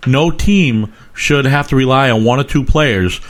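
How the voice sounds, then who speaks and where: A man's voice: mid-range voice, measured pace. A man from near Boston with a Boston accent, co-hosting a podcast in blunt, crude casual banter. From near Boston, Massachusetts. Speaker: podcast co-host.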